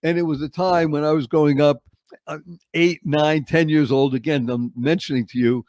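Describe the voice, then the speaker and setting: Expressive older man, slightly high voice. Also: dry recording. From Boston, United States. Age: 70s. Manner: expressive, with dramatic slow-downs and acted-out quotes. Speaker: guest. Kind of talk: animated storytelling interview.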